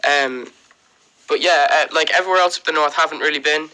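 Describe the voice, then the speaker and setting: A young man with an Irish accent talks straight into a phone held close, streaming live from his bedroom. His voice is bright and sits a little high, and he rambles with plenty of fillers while reading out and thanking viewers one by one. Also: fairly even intonation, brisk, smooth, poor audio. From Ireland. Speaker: livestream host. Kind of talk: casual livestream chat reading comments. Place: bedroom indoors.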